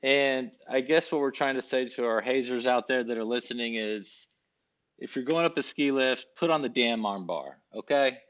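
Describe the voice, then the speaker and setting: Relaxed male podcast host, lo-fi. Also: medium pitch, normal speed. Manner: relaxed, conversational, laughs along. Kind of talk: casual podcast conversation.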